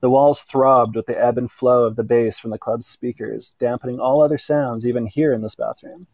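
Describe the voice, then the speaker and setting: A man reading an erotic story aloud in an unhurried way, now and then stumbling and correcting himself. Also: medium pitch, steady tone, darkish tone, dry recording. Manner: unhurried reading with small slips and self-corrections. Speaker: narrator.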